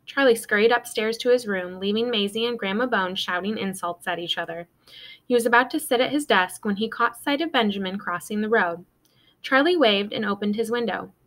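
Teacher reading a children's book aloud. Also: female voice, mid-range voice, fairly quick, a bit bright.

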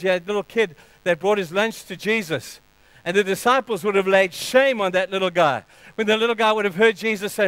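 A man preaching a sermon, telling stories in an earnest, animated way. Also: sits high, a little fast, clear, resonant tone, no room sound, rough recording. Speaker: pastor.

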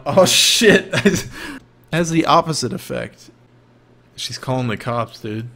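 A man streaming a life-simulation game, commentating casually and jokingly, with sudden excited outbursts. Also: mid-range voice, slow pace, gravelly, pauses often.

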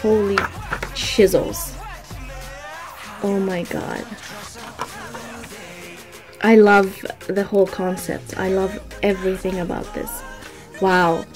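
A woman's voice: medium pitch, steady tone, slow, pauses often, poor audio. A young woman vlogging an album unboxing, gushing with breathless fan exclamations. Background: faint background music.

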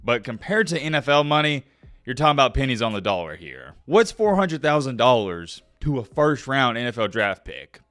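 Guy doing a sports talk vlog, hyped and fast, dry close mic, loud bursts here and there. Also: mid-range voice, no echo. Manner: animated, fast-talking, with sudden loud bursts. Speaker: sports commentator host. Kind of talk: casual commentary vlog.

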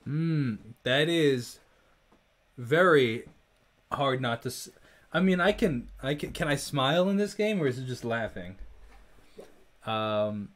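A man's voice: mid-range voice, expressive, slow pace, long pauses, fairly bright tone. A man hosting a casual livestream, reading viewer jokes aloud and trying not to laugh. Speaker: livestream host.

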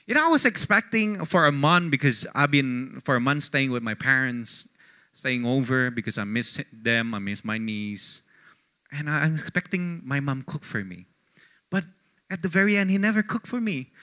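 A young man preaching a youth sermon as pastor, swinging from loud emphatic peaks to hushed storytelling and talking straight to the young crowd. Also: medium pitch, animated, moderate pace. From Korea. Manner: addresses the youth crowd directly, asks for raised hands.

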